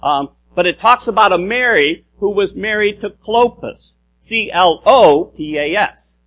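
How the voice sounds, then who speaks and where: A man preaching a sermon with a somewhat high voice. He explains step by step, often restarts his phrases and keeps tucking in "if you will". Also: expressive, a little slow, a bit bright.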